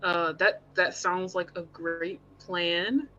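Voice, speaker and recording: A player in a tabletop role-play game who describes their character's actions slowly, with frequent giggles. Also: medium pitch, fairly even intonation, pushed and bright, dull audio.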